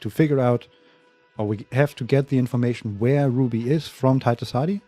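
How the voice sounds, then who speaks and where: A man with a warm, medium-pitched voice co-hosts a let's play, speaking a little fast as he casually and methodically reads off game stats like checks and bonuses. The recording is dry, with faint background music.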